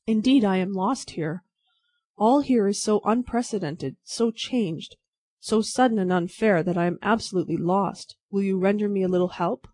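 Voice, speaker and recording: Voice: mid-range voice, normal speed, dark tone, no echo, close to an everyday voice. A reader voicing an earnest male prisoner in his thirties, pleading and bewildered, in a dry, close recording. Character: Charles Darnay, man in his thirties, bewildered emigrant prisoner. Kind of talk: audiobook reading.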